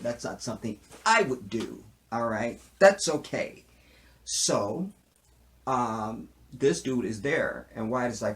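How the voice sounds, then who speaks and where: A man giving a casual recap of a TV drama episode, animated, with streetwise slang, often acting out the characters' lines. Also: mid-range voice. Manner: animated, acts out character lines in quick impressions; streetwise slang, repeats tag phrases. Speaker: TV show reviewer.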